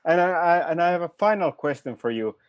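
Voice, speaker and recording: A man with a Finnish accent, a native Finnish speaker, hosting a podcast interview in slow, careful speech. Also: a little high, lively intonation, clean tone, lo-fi sound. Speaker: podcast host.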